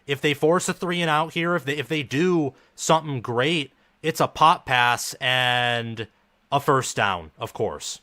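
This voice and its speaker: Bright-voiced frustrated man commenting live. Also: mid-range voice, unhurried. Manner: frustrated, dejected fan talk. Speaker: live stream host.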